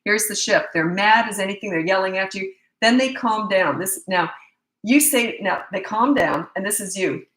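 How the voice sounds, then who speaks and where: A woman's voice: medium pitch, moderate pace, fairly bright tone. A woman in her sixties, a parenting coach giving frank, chatty advice in a live Q&A, laughing easily and acting out bits of dialogue. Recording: echoey room.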